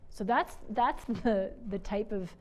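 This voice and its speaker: A middle-aged woman from Canada giving a motivational talk, telling stories with animated swings from loud to soft. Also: medium pitch, unhurried. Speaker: speaker.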